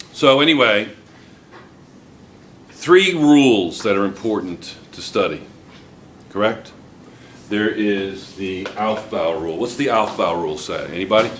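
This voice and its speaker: A man's voice: fairly low pitch, fairly bright tone. Older male chemistry teacher, wry classroom lecturer, light background hiss. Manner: joking, teasing students while explaining.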